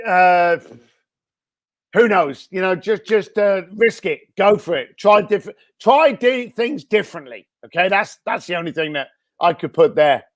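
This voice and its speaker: A man answering interview questions over a video call in a blunt, energetic way, with many fillers and restarts, his voice a little hoarse. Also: high-pitched. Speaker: guest speaker and entrepreneur.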